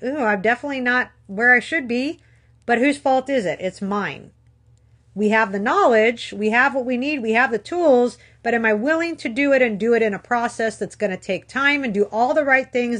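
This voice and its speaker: A woman's voice: on the high side, fairly bright tone. Frank, earnest woman giving tough-love encouragement. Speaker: weight-loss motivational speaker. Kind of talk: candid motivational talk to viewers.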